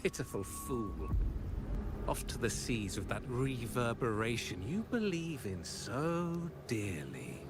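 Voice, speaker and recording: A sneering middle-aged zealot acolyte. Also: male voice, medium pitch, sing-song. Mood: scornful. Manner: sneering, contemptuous, slow and grand. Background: game music.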